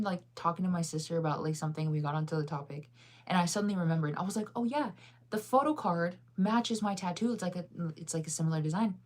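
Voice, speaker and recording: A young woman vlogging in a casual, rambling chat, enunciating her words fully and laughing often. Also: lowish voice.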